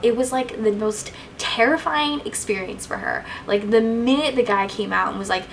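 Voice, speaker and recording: Her voice is fairly high and gravelly, moving at a moderate pace as she chats through viewer questions. She's a young woman in a casual vlog, gushy and full of "like"s and filler words, captured on a low-quality recording.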